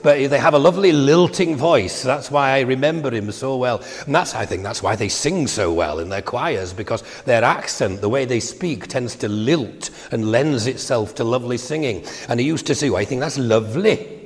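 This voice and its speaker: An older man delivers a sermon in a gravelly voice. He talks in a conversational way and wanders into side stories. His words ring out with a long echo in a church hall. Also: mid-range voice, normal speed, hardly any pauses. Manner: conversational, digressive preaching with asides. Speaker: preacher.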